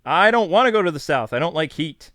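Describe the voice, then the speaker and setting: A man's voice: a little high, big pitch swings, quick pace, a bit bright, dry recording, clean studio sound. Rambling, joking man streaming live. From New York. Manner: rambling, self-deprecating, jokey. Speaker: streamer host. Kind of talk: casual live-stream chat.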